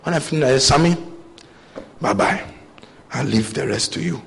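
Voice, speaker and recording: A man's voice: on the high side, normal speed, vocal fry, a little hiss or hum. A young man preaching a sermon, telling personal stories and acting out the voices in his dialogues. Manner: animated storytelling, acting out both sides of dialogues.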